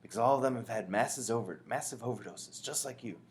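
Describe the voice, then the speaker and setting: A man voicing a calm, firm elderly grandmother in a storybook reading. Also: medium pitch, a little fast, a little hiss or hum, natural voice.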